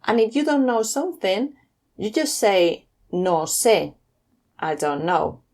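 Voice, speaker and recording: A woman teaching beginner phrases in a scripted lesson, slowing down to model each phrase clearly. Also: mid-range voice, darkish tone. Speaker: language teacher.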